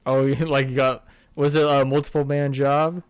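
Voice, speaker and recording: A young man chatting on a casual podcast, relaxed and rambling as he tells stories. His voice sits at an ordinary pitch. It is recorded dry, with no echo. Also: moderate pace, clear, resonant tone. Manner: laid-back, rambling storyteller. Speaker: podcast co-host. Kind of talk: casual chat.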